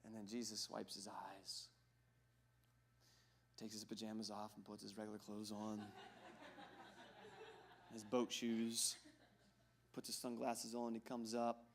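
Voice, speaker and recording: A man's voice: lowish voice, level tone, takes it slowly, vocal fry, long pauses. A male pastor preaching a sermon in a church sanctuary, conversational and joking, asking the congregation questions.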